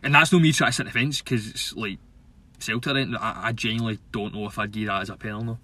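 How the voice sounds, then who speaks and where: A man's voice: on the low side, steady tone, fast talker, pushed and bright. A young Scottish man co-hosting a casual football podcast, swearing, laughing and bantering. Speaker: podcast co-host.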